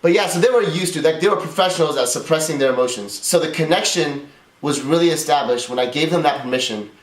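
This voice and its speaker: A man's voice: a little high, fast. A man in his thirties co-hosting a casual podcast, telling a long personal story in a candid, rambling way with some swearing. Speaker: podcast co-host. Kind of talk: casual conversation. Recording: roomy echo.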